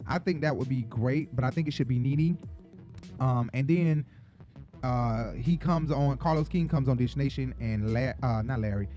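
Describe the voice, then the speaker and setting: A man's voice: mid-range voice, moderate pace, soft background music. Sassy man dishing celebrity gossip. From Atlanta. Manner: animated storytelling, profane and sassy. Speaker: show host. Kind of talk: casual gossip commentary.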